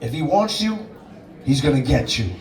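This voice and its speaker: A DJ being interviewed tells his own story bluntly and emphatically, swearing freely. His voice is on the high side and sing-song at normal speed, and he's recorded from a distance in a roomy space, away from the mic.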